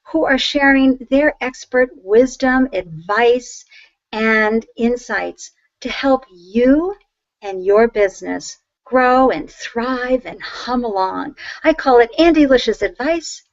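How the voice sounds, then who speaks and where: A woman's voice: fairly high pitch, slow, no echo, dull audio. A woman with a Boston accent hosting an interview show, gushing and effusive as she introduces her guest. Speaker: host.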